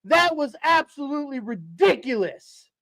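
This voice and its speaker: Breathless, stammering excited man. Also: very high voice, normal speed. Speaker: podcast co-host. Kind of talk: excited post-game chat.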